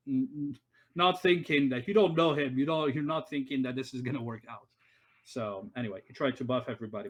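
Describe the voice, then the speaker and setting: A man acting as game master in an online tabletop game, thinking aloud with many fillers as he runs the rules. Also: medium pitch.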